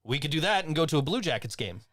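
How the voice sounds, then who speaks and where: A man's voice: very animated, fast talker, fairly bright tone, no echo. Rambling man, dry close sound. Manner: rambling, many restarts, does high mocking impressions. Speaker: podcast co-host. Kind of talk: casual chat.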